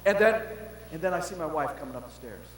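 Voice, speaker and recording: An older male pastor preaching a sermon, telling stories with animated swings from shouts to hushed tones, recorded in a large pavilion. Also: fairly high pitch, fast talker. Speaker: senior pastor. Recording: roomy hall with long reverb and faint hum.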